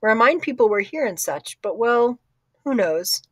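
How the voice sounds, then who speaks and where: A woman's voice: on the high side, lively intonation, unhurried, dry recording. Bubbly teen girl, read by a woman; chatty, upbeat, dry audiobook read. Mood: cheerful. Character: cheerful teenage girl library helper, quick to laugh. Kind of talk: audiobook character voice.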